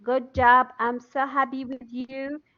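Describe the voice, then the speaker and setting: A woman's voice: sits high, flat delivery, slow pace. A woman with an Arabic accent teaching an online English class, drilling students word by word and praising answers. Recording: dull, muffled lo-fi audio.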